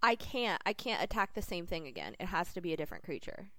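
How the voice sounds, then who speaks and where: Lively bright-voiced woman player. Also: on the low side, quick pace, dry recording. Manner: animated, emphatic, swears when rolls go badly. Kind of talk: casual tabletop play.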